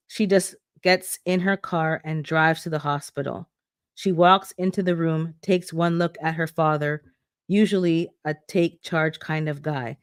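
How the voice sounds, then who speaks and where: A channel host reading a memoir aloud for an online book club, unhurried, with an occasional slip and self-correction. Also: medium pitch, clean tone, dry recording, clean studio sound.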